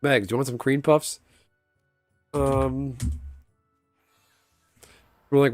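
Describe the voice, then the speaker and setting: A man's voice: medium pitch, steady tone, slow, long pauses, no room sound, faint music behind. A man streaming a game and chatting casually, rambling, swearing freely and laughing often. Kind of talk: casual chat while gaming.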